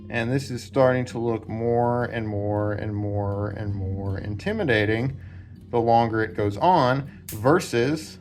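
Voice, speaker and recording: Rambling man explaining at a whiteboard. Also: medium pitch. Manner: rambling, filler-heavy, sketches diagrams while talking. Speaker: book channel host. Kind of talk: casual explanatory talk at a whiteboard.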